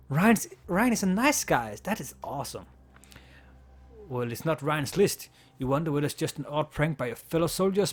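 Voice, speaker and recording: A man casually playing a text adventure game aloud, stumbling over words, laughing and swearing as he reads. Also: medium pitch. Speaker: game player reading aloud. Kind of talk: casual let's-play narration.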